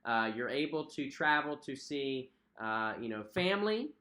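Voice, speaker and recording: A young man chats casually on a home livestream, reading out viewer comments and reacting in a friendly way. His voice sits in a middle pitch, and he leans on fillers and repeated phrases as he talks. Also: sing-song, normal speed, pushed and bright. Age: young adult. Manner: chatty, friendly, repeats himself, frequent fillers. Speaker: cruise vlog host.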